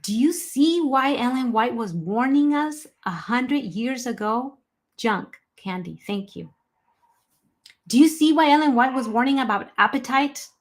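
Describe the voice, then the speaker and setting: A woman's voice: a little high, animated, measured pace. Emphatic woman giving a health talk. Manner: emphatic, apologetic asides to chat viewers. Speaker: health presenter. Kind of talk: online health presentation.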